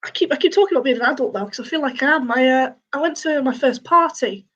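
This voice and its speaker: A young woman with a Northern English accent doing a deadpan, self-mocking stand-up routine. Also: sits high, fast, dull audio. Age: young adult. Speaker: stand-up comedian. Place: home, online showcase.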